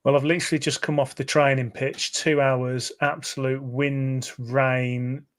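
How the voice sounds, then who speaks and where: A man from the English Midlands co-hosts a football podcast in a loose, chatty way. His voice sits in an ordinary middle pitch. He rambles, restarts sentences and fills the gaps with ums and uhs. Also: little pitch movement, measured pace, fairly bright tone. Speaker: podcast co-host. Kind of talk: casual football chat.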